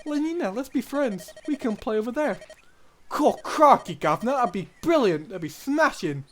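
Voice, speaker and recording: A man's voice: very high voice, expressive, normal speed, fairly bright tone, slight background noise, pitched above the performer's own voice. A man voicing a cheery little girl with an exaggerated, over-the-top Cockney accent. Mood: gleeful.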